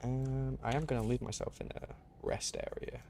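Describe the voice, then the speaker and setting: A man's voice: mid-range voice, fairly even intonation, moderate pace, creaky, noisy background. An English man streaming a game, chatting casually and answering his chat aloud in an easygoing way.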